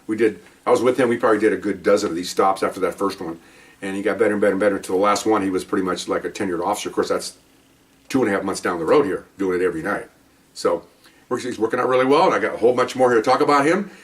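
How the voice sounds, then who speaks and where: A man's voice: fairly low pitch, racing, distant mic. An older man, a former police training officer, telling a rambling, folksy story and acting out what others said. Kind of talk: casual storytelling monologue.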